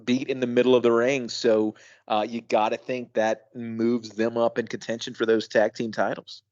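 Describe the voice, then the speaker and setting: A man's voice: mid-range voice, little pitch movement, normal speed, a little mellow, dull audio. A man co-hosting a casual wrestling recap podcast, easygoing and enthusiastic in his takes. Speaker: podcast co-host.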